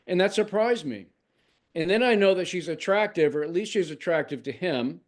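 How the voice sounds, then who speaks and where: A man's voice: high-pitched, lively intonation, normal speed. Older man telling a story, many restarts. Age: 60s. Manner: conversational, many restarts and asides. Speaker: novelist. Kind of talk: storytelling interview answer.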